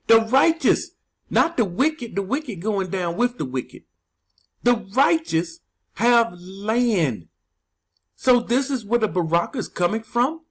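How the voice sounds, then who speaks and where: A man preaching a scripture teaching, stressing key words with slow, drawn-out emphasis. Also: high-pitched, animated, husky.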